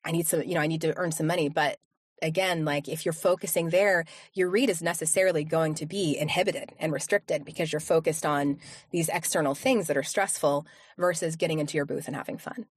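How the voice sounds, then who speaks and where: Brief: chatty woman coach, lowish voice, fillers and restarts, close dry recording. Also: fairly even intonation, brisk, slightly rough, dry recording. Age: adult with young kids. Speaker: voiceover coach, podcast guest. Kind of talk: casual interview chat.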